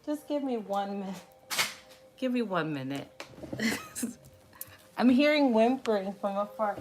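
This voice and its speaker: A woman host chatting casually with viewers on a live stream, warm and cooing as she talks about cats. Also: medium pitch, lively intonation, slow pace, long pauses, a little hiss or hum. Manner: chatty and affectionate, cooing baby talk at her cat. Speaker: tarot reader live streaming.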